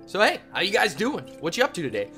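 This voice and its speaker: A young man hosting a game play video, talking to viewers in a goofy way and breaking into loud yelps and yells. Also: high voice, huge pitch swings, quick pace. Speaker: gaming channel host. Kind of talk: let's play commentary. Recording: game music playing softly behind.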